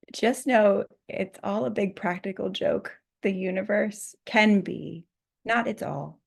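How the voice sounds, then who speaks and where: Female meditation teacher, gentle guiding delivery, mid-range voice with some vocal fry. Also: medium pitch. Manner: soft, gently guiding, laughs at herself. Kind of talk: guided meditation instruction.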